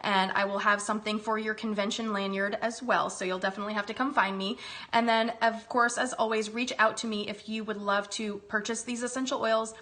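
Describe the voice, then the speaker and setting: A woman's voice: medium pitch, steady tone, fairly quick, a bit bright. A woman hosting a casual live cooking demo, upbeat and gushing with chatty asides. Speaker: host demonstrating a recipe.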